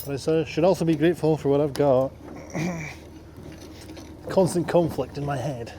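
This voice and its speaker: This man's voice is a little high and mellow, fairly even in intonation, a bit slow, with frequent pauses and slight background noise. He's a twenty-something landscaper from Scotland, chatting to himself in a casual work vlog as he plans his day outdoors at sites and the yard.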